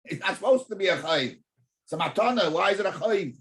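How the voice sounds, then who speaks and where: Animated rabbi teaching Talmud, lively pitch. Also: male voice, quick pace. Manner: animated, repeats words while thinking, poses rhetorical questions. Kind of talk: in-depth Torah class.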